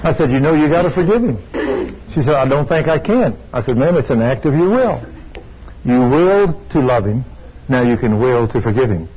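An older man preaching a sermon and telling a healing story, with excited outbursts of praise. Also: mid-range voice, moderate pace, slight background noise. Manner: storytelling, rising to excited exclamations. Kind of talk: sermon with testimony. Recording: dull lo-fi sound.

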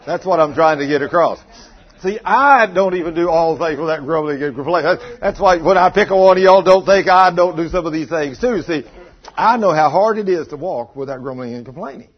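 A man's voice: on the high side, a little fast, husky. A man preaching a sermon as pastor, telling folksy stories and teasing his congregation. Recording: dull lo-fi sound.

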